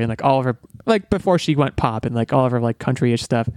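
A young man co-hosting a podcast in casual chat, rambling and breaking off mid-sentence into animated asides. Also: medium pitch, fast talker, dry recording, studio quality. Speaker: podcast co-host.

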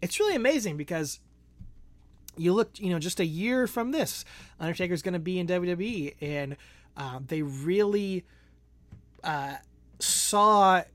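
Chatty podcast host on a dry mic. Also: male voice, a little high, a bit bright, no echo. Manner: chatty, laughs often, rambling. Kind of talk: casual chat.

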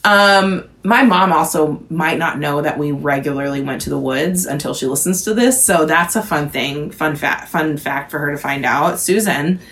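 A woman's voice: deep voice, moderate pace, few pauses, fairly bright tone. A woman in her thirties co-hosting a podcast, chatting casually and laughing often, with lots of fillers. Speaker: podcast co-host. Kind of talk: casual chat.

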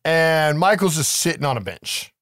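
A man talks through a film's plot in a loose, profane way, his voice climbing and dipping with a lot of life. He sits a touch higher than most men, and the sound is dry and close with no room around it. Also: normal speed, no echo. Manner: profane, animated storytelling with quoted voices. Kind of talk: casual movie recap chat.

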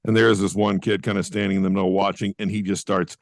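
A man co-hosting a casual podcast over a video call, talking in a relaxed, wry way. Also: deep voice, fast talker, dry recording, studio quality. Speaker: podcast co-host. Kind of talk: casual chat.

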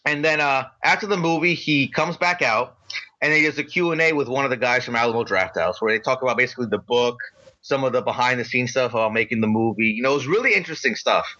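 A man co-hosting a podcast, telling an animated story in a casual, excitable, slangy way. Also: mid-range voice, quick pace, lo-fi sound. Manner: excitable, slangy, retells with quoted voices. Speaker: podcast co-host.

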